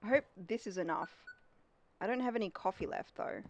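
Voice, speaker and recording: Brief: chatty female game streamer, excitable reactions, mid pitch, faint background hiss. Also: brisk, dull audio. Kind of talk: live gameplay commentary.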